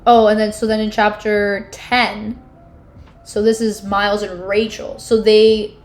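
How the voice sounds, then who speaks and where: A woman's voice: medium pitch, little pitch movement, measured pace, slight background noise. A woman in her twenties co-hosting a podcast, summarizing a book in casual chat, full of "like" and dramatic reactions. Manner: chatty, peppered with "like", dramatic disgust reactions. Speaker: podcast co-host.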